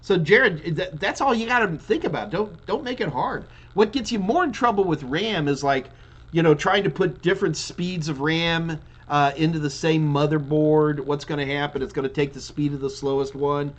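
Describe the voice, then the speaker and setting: With a fairly high pitch and moderate pace, this IT trainer reads viewer questions on his live stream and answers them chattily. He keeps restarting his thoughts and yawns repeatedly.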